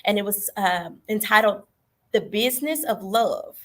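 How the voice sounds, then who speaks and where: A young adult woman with a Texas Southern accent speaks in a mid-range, unhurried voice. Appearing as an interview guest on a video call, she earnestly tells her pageant story and politely says yes ma'am.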